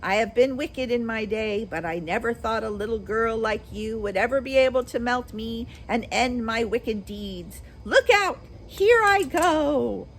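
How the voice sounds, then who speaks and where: A woman's voice: normal speed, hardly any pauses, slight background noise, natural voice. A woman voicing a cunning wicked old witch who wails and screams in despair while reading a storybook aloud. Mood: wailing. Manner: shrill, wailing and despairing.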